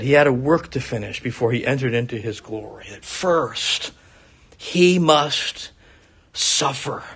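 A man's voice: mid-range voice, a bit bright, breathy edge. A man preaching an earnest expository sermon from the pulpit as a pastor.

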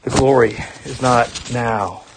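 A man's voice: medium pitch, fairly even intonation, takes it slowly, noisy background. A man preaching an earnest expository sermon from the pulpit as a pastor.

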